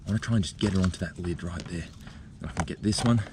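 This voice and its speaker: A man vlogging outdoors in the bush, talking gently and excitedly as he coaxes a spider out of its burrow. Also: low-pitched, racing, background noise. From Australia. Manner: excited, gentle, coaxing, thinking aloud. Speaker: nature vlogger. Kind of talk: outdoor wildlife vlog, talking to camera. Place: outdoors in a bushland reserve.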